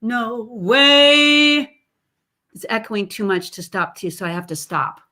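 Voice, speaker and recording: A woman vocal coach teaching an online singing lesson over a video call, breaking into sung and creaky vocal demonstrations between explanations. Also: fairly low pitch, brisk, fairly bright tone, poor audio.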